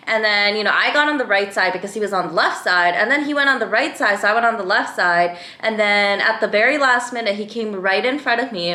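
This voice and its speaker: A young woman vlogging, telling a story in a chatty, animated way full of fillers. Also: a little high, echoey room. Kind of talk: casual vlog storytelling.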